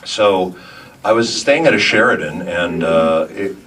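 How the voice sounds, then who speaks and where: A man's voice: deep voice, a little slow, fairly bright tone. A man, a voice actor on a convention panel, telling rambling stories to a live audience and chuckling often between restarts. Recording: distant mic, noisy room.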